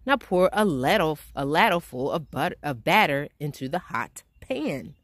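A woman's voice: low-pitched, moderate pace, no room sound. Woman voicing a patient storybook mother. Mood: instructing. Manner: calm, instructive. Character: patient mother giving kitchen instructions.

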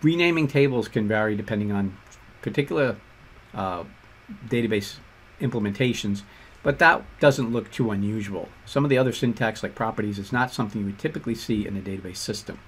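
A man with a Boston accent explaining code step by step in a relaxed tutorial. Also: on the low side, a little fast, a little hiss or hum. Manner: relaxed explanatory walkthrough with fillers and asides. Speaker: instructor. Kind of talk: screen-share coding tutorial.

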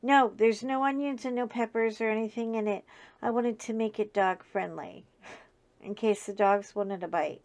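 A woman with a fairly high, steady voice, a little mellow and close to her everyday speech, voices her husband at a moderate pace as he answers in an offhand, reassuring way.

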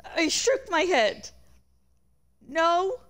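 A woman reading a novel aloud on a livestream, expressive, with chatty asides. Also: very high-pitched, drawn-out words. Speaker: reader of a book.

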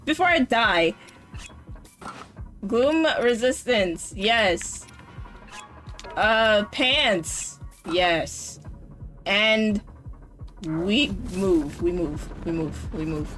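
A woman streaming a game live, excitable, talking back to the game, swearing and laughing as she plays. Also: medium pitch, extremely slow, long pauses, music in the background, rough recording. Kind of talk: live gameplay commentary.

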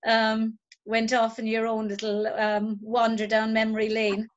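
A woman's voice: fairly high pitch, monotone, a little slow, highs cut off. A woman with an Irish accent hosting an interview over a video call, asking questions in a friendly, conversational way. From Ireland. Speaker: host.

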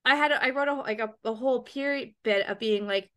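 A woman's voice: on the high side, a little fast, few pauses, fairly bright tone. A woman in casual conversation, rambling and swearing freely as she acts out scenes in quoted dialogue. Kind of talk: casual chat.

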